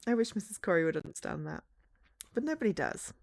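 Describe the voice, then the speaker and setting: A woman's voice: medium pitch, very animated, fast talker, gravelly, a little mellow. A woman reading a narrative game aloud and voicing a withdrawn, blunt teenage schoolgirl in a matter-of-fact way. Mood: wistful.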